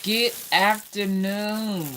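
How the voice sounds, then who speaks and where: A woman with a Southern US accent, hosting a casual live stream, chatting, greeting viewers by name and pausing often with "um". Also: mid-range voice, steady tone, background noise. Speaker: livestream host.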